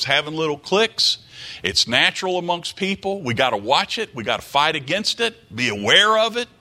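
A man's voice: mid-range voice, bright, forceful tone. A man preaching a sermon, emphatic, repeating key phrases and quoting scripture aloud. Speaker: pastor.

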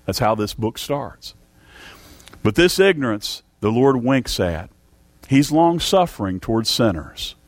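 A man preaching a sermon to a church congregation, fervent, with big swings in pitch and loudness. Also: big pitch swings, unhurried, dry recording. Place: church service.

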